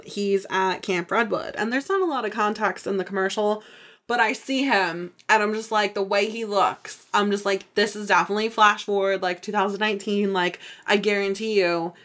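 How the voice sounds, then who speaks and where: A woman hosting a podcast, recapping a TV episode in casual chat, excitable and full of "like", sometimes acting out what the characters say. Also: mid-range voice, moderate pace. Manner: chatty and excitable, heavy use of "like", acts out characters' lines. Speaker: podcast host.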